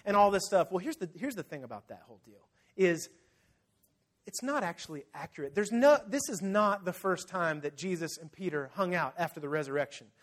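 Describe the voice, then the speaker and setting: A man's voice: high-pitched, fairly quick. A man preaching a sermon, telling the story vividly, acting out scenes and speaking straight to his congregation. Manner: lively storytelling, acts out scenes; addresses the congregation directly. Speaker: pastor.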